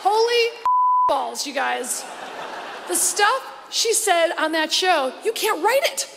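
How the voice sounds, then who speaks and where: A woman performing stand-up in a large theater, her high voice carrying a gravelly edge. She tells gossipy stories with relish and slips into mocking impressions. The live recording has a long hall echo and a loud crowd behind her. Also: very animated, slow pace, heavy background noise. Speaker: stand-up comedian. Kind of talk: stand-up comedy set. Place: large theater stage before a live audience.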